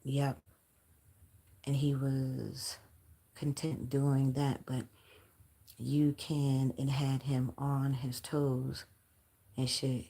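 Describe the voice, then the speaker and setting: Woman, deep voice, livestream host, blunt, profane, emotional, near tears. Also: darkish tone, husky. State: close to crying. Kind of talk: emotional livestream chat with viewers.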